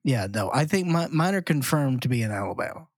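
A man's voice: medium pitch, very animated, brisk, no room sound, studio quality. A middle-aged man co-hosting a podcast in casual chat, rambling and joking at his own expense. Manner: rambling, jokey, self-mocking. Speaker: podcast co-host.

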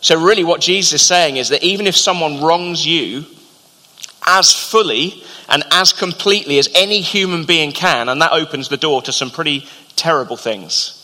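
A man preaching a sermon as pastor, earnest and measured, with slow emphatic pauses. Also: on the high side, pushed and bright. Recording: long hall reverb.

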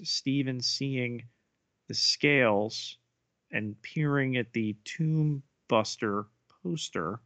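Slow, measured male podcast co-host. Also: medium pitch, a bit bright, no echo. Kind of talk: episode recap narration.

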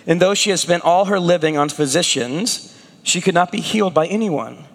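A man's voice: fairly high pitch, moderate pace, big-room sound. A man preaching a sermon as a pastor, acting out the prayers and words of the people he talks about.

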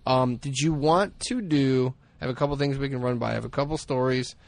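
A man's voice: medium pitch, fairly quick, vocal fry, no room sound. Man, podcast co-host, rambling comic storyteller, dry mic. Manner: rambling, self-mocking, laughs often. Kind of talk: casual comedic chat.

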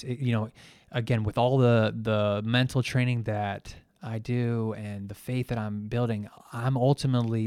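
There's no echo on this recording of a middle-aged man whose voice is lowish with a darkish tone. Hosting his podcast solo as a coach, he reflects earnestly and a bit emotionally, often using fillers and starting over.

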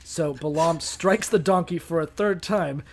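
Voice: medium pitch, a little slow, a little hiss or hum. A podcast co-host retells a bible story in loose, joking language full of swearing. The talk is casual, with many fillers and restarts. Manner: profane, jokey, full of fillers.

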